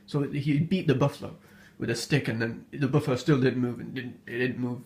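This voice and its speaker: A man's voice: medium pitch, fairly even intonation, fairly quick, a little mellow. A man casually retelling an old folk tale, hesitant and full of fillers, often amused by his own story.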